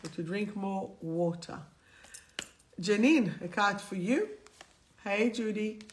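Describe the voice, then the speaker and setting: Slow-talking woman reading affirmation cards. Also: medium pitch, slight background noise. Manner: reads out affirmations and repeats them, laughs often. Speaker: live-stream host. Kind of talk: live-stream card reading.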